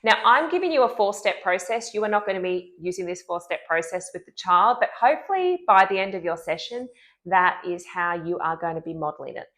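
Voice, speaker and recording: A woman speech-language pathologist talks through a therapy technique in an instructional video. Her voice sits on the low side, and she draws sounds out slowly and deliberately to demonstrate them. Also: lively intonation, a bit bright. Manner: clear, deliberate modeling of speech sounds, drawn-out sounds.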